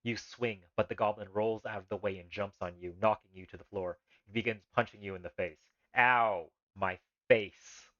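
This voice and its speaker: A man's voice: on the low side, fairly even intonation, fast talker, hardly any pauses, no echo, muffled recording. A man streaming a text adventure live, reading the game's text aloud and making rambling, laughing asides.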